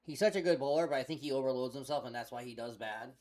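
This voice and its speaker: A man's voice: mid-range voice, quick pace, a little mellow, rough recording. A man streaming a game on a headset mic, telling rambling stories in casual chat, swearing freely. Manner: rambling profane storytelling. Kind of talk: casual chat while gaming.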